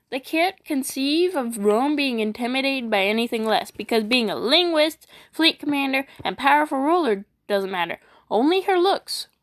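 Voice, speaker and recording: A woman voice actor reading funny internet posts aloud, animated and playful, switching voices often. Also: on the high side. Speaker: YouTube voice actor.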